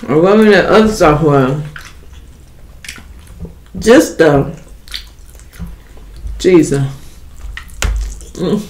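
A mukbang vlogger eats on camera and chats casually with her viewers, whom she calls "y'all," humming and chewing between remarks. Her deep, darkish voice draws out words and pauses often. The room is echoey with faint background noise.

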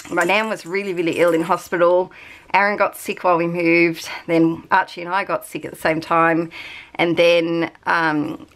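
A woman's voice: on the low side, fairly bright tone. An Australian woman at home, chatting casually and rambling as a craft vlogger. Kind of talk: casual chat.

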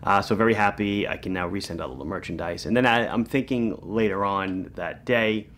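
A man's voice: on the low side, moderate pace, a little hiss or hum. A middle-aged man, a watch shop owner telling a story on his vlog and acting out the quotes. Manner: animated storyteller, acts out quotes.

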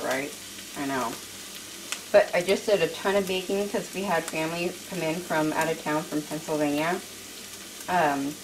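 Cooking at the stove in a home cooking video, a woman with a lowish voice chats away, poking fun at herself and laughing often. There's noise in the background.

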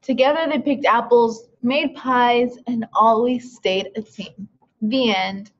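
Woman calmly reading a children's story. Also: fairly high pitch, slow pace. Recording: dull lo-fi recording.

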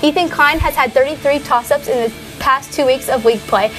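A teenage girl reading school sports and club news, brisk. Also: sits high, a bit bright, faint music behind, rough recording. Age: teens. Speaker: student reporter. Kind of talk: school announcements.

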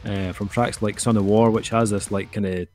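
Low-voiced man rambling through an album review. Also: level tone, normal speed, a little mellow, slight background noise. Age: middle-aged. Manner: rambling, heavy on fillers like "um" and "kinda". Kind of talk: casual review chat.

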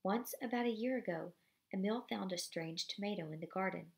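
A woman reads a children's novel aloud in a steady, expressive way, her voice carrying a gravelly, creaky texture. She sits at middle pitch and sounds like a teacher reading to a class. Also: fairly quick. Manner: steady, expressive reading with brief apologies for slips.

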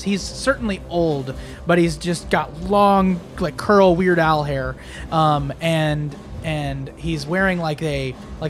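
High-voiced rambling game master. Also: male voice. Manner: rambling, many fillers. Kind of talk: narrating a tabletop game.

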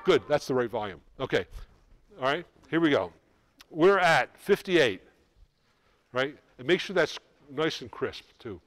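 A middle-aged man coaching a school band in rehearsal, brisk and joking, calling out counts and singing rhythms. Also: mid-range voice, lively intonation, a bit bright. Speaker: band clinician.

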